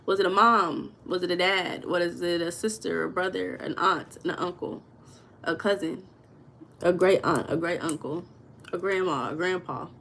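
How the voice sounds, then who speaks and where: A woman's voice: on the low side, normal speed, gravelly, fairly bright tone, slight background noise. An American woman hosting a casual live stream, greeting viewers by name and answering their comments. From United States. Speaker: livestream host reading viewer comments.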